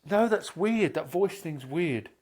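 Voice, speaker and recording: A man's voice: high-pitched, animated, a little mellow. A man co-hosting a casual chat podcast, teasing his partner and swearing in his jokes. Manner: teasing, quick to joke and swear. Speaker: podcast co-host.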